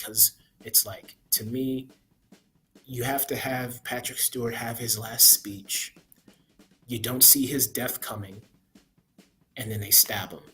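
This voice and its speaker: A man's voice: mid-range voice, sharp tone, a little hiss or hum. A man giving a casual, rambling spoiler review of a movie, blunt and opinionated, often tacking "man" onto his sentences.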